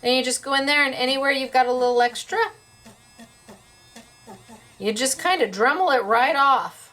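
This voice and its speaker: A woman's voice: sits high, normal speed, pushed and bright. A woman hosting a casual craft demonstration, chatty and upbeat, laughing easily as she works. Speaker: craft shop host.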